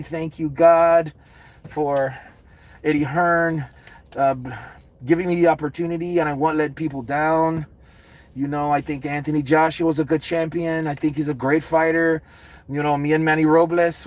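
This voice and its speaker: A man imitating a humble, soft-spoken heavyweight boxer who gives slow, polite thanks. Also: fairly high pitch, natural voice.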